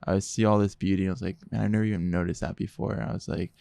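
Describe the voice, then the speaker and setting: Low gravelly man telling a story. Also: fast, no room sound. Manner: animated storyteller, quotes others in dialogue. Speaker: podcast guest. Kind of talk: casual testimony storytelling.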